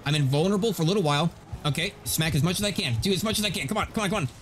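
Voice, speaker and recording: A man's voice: sits high, very fast, slight background noise. Ranting male gameplay streamer. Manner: animated, ranting, laughing. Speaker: gaming YouTuber. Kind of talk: gameplay commentary.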